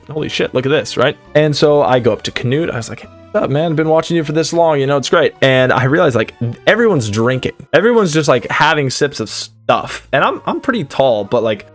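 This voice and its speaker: A young adult man, a streamer, telling a rambling, self-deprecating story in a casual way, full of quick asides. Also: mid-range voice.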